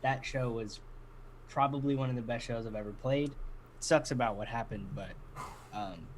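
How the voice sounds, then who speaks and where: A man's voice: medium pitch, normal speed. Young man, guest, casual interview chat, laid-back, casual swearing, faint ambient noise.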